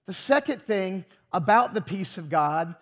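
A man's voice: high-pitched, expressive, a little slow. A pastor preaching a sermon to his congregation, emphatic and full of rhetorical questions.

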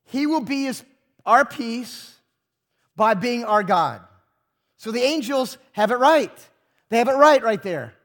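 A man's voice: very high-pitched, very animated, slow pace, pauses often, a bit bright. A pastor preaching a sermon to his congregation, emphatic and full of rhetorical questions.

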